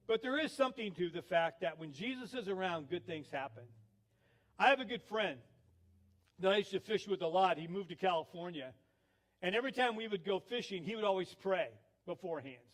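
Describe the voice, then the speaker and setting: A man's voice: high-pitched, expressive, a little fast, fairly bright tone. A male pastor giving a sermon, telling stories with acted quotes. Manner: storytelling with laughs, acted quotes.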